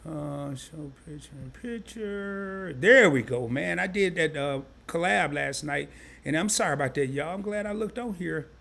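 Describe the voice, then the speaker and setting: Sex: man. Style: gravelly, fairly high-pitched, casual. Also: sharp tone. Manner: breaks things down step by step, repeats himself, says "real quick" and "man". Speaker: crypto live stream host. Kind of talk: casual explanatory live stream. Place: home setup, sharing his screen.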